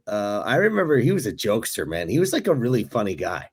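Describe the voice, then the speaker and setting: A man, a former ballplayer, co-hosting a casual sports talk show and telling animated stories with chuckles. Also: fairly low pitch, fast, husky. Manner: animated storyteller who chuckles while recalling. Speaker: podcast co-host, former pro ballplayer.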